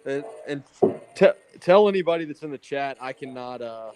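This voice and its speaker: A man's voice: mid-range voice, animated, moderate pace, a little mellow. A man guesting on a casual online chat, asking questions and talking things through. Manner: inquisitive, talks things through. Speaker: guest, holster maker.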